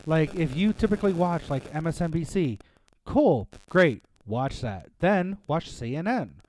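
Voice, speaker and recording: A man's voice: a little high, big pitch swings, a little slow, darkish tone, dry recording. A man co-hosting a podcast, chatting casually in a rambling way with many fillers and restarts. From Pennsylvania, USA. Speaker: podcast co-host. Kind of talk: casual chat.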